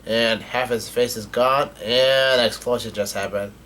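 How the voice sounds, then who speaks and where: A man narrating a comic chapter in a loose, rambling way, full of fillers, restarts and casual swearing. His voice sits at a middling pitch, with a faint hiss in the background. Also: fairly even intonation, unhurried, a bit bright. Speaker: manga reading channel host. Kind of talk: casual comic read-through with commentary.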